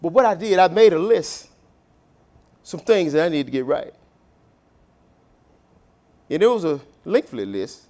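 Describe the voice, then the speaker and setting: A pastor preaches in a church, his voice sitting well above the usual male register. He lurches between loud, emphatic lines and hushed, low asides, drawing out the words he wants to land. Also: lively intonation, measured pace, pauses often. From Southern United States. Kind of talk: sermon. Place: church sanctuary.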